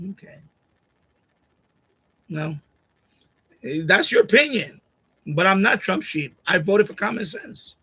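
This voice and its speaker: A man's voice: high voice, very animated, measured pace, long pauses, pushed and bright, slightly rough, rough recording. A man hosting a live stream, ranting straight at a viewer in a combative, repetitive way on a USB condenser mic at home. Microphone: USB condenser mic on boom arm.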